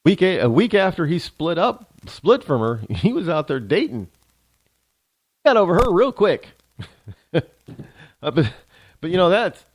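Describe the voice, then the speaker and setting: A man's voice: a little high, dry recording, clean studio sound. A male talk show host delivering a sarcastic, ranting opinion monologue, switching into mock voices.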